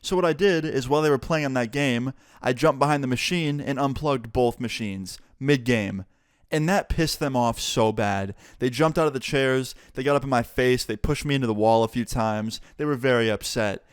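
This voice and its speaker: A young man recounts a wild story in a loose, profane, animated way. His voice is smooth and clear, recorded very dry and close. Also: medium pitch, normal speed, no room sound. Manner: casual, swearing, animated storytelling. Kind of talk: storytime vlog.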